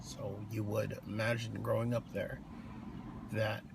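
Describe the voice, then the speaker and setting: A man casually chatting about film casting and ratings with a friend, his voice rising and dropping in loudness as he talks. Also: fairly low pitch, level tone, unhurried, vocal fry. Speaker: co-host reviewing films. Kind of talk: casual chat. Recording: faint background noise.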